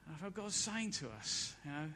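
Male preacher, church sermon; bright, slightly high voice, dramatic swings between loud and hushed. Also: fairly quick, a little hiss or hum. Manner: swells to loud emphatic peaks, then drops soft and low. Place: church service.

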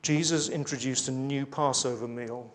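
A man's voice: mid-range voice, steady tone, normal speed. Conversational male preacher. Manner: reads scripture aloud with emphasis, then speaks in a conversational aside. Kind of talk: sermon.

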